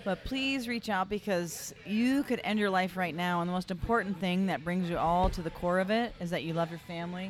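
A woman's voice: on the low side, fairly quick, hardly any pauses. Earnest woman podcast host. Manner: earnest, turns serious and advising. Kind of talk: casual chat among friends.

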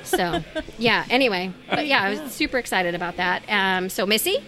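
A woman hosting a podcast in casual chat, chatty and quick to laugh. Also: mid-range voice, expressive, bright, forceful tone. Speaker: podcast host.

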